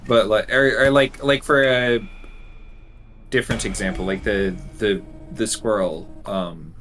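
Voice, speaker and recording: A man's voice: lowish voice, fairly even intonation, unhurried, a bit bright, slight background noise. A man streaming a game live, chatting casually and rambling, correcting himself as he goes.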